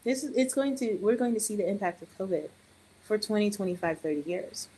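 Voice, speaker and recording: A middle-aged woman and early childhood educator, chatting on a podcast in an animated way with joking asides. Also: mid-range voice, brisk, a little hiss or hum, poor audio. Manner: animated, joking asides, quotes others in raised voice. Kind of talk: casual podcast conversation.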